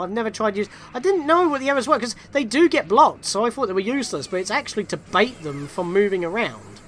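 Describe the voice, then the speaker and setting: Lively chatty man narrating gameplay. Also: high-pitched. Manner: chatty, self-deprecating, easily surprised. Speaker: gaming channel host. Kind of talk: let's play commentary.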